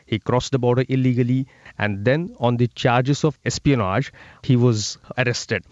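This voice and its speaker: A man, a correspondent interviewed remotely, explaining events steadily with frequent pauses and fillers. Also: medium pitch, darkish tone, no room sound, muffled recording. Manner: explanatory, fillers between phrases. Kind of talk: news interview.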